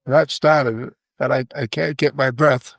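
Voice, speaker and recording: Older Maine fishing guide, folksy yarn-spinner, mid-pitched, dry close mic. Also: male voice, fairly even intonation, measured pace, no room sound. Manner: folksy, anecdotal, trailing off quietly. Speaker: guest, veteran fishing guide. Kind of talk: storytelling interview.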